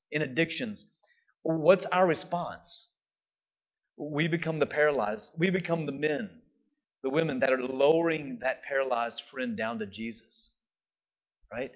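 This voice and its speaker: A male preacher talks through a sermon in a casual, animated way and keeps asking his listeners if they follow. His voice sits a little high. The recording sounds muffled and lo-fi. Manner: animated, conversational, often asks "right?". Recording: dull lo-fi sound.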